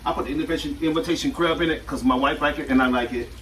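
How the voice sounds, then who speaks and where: A man hosting a casual home cooking video, talking in a relaxed, repetitive way as he works. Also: on the high side, very fast, echoey room, slight background noise. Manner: chatty and relaxed, repeats himself often. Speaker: home cook and channel host. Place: home kitchen at the stove. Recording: distant mic with loud sizzling from the pan.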